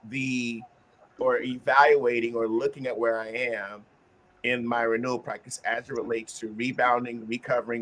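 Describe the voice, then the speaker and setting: Leading a casual group conversation, the male host talks earnestly about self-reflection, livening up as he acts out examples. He speaks at a medium pitch.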